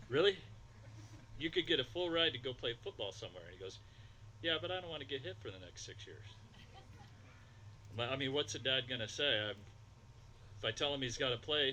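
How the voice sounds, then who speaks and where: A man's voice: mid-range voice, bright, forceful tone, a little hiss or hum, low-quality recording. A middle-aged man, the groom's father, telling stories in a folksy, emotional wedding toast at a reception. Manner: emotional, folksy storytelling with quoted dialogue.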